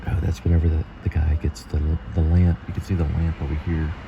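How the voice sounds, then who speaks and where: Deep-voiced man rambling in a car. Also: completely flat delivery, a little fast, gravelly, muffled recording. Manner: rambling, jokey storytelling. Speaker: delivery driver, show host. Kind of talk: casual driving vlog. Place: moving car. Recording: loud car road noise.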